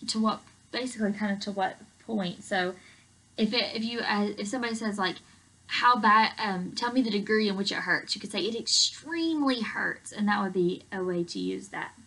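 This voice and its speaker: A woman's voice: medium pitch, normal speed, pushed and bright, low-quality recording. A woman teacher giving a recorded English lesson to seventh graders, chatty and explaining with everyday examples and many fillers.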